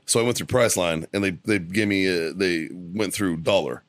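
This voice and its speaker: Low-voiced man telling profane stories. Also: moderate pace, no room sound. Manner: profane, rambling anecdotes. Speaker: podcast co-host. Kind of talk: casual storytelling chat. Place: studio.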